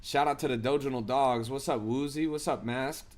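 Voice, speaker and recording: A man's voice: medium pitch, moderate pace. A man hosting a crypto live stream, giving hyped, slangy commentary and talking straight to his chat. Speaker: crypto livestream host.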